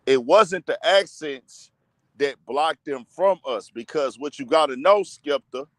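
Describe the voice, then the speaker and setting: A man's voice: fairly high pitch, animated, measured pace, a bit bright, no room sound. Emphatic Texan man hosting a commentary rant. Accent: Texas. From Texas, USA. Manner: emphatic, repetitive, addresses the audience directly. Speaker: commentary show host.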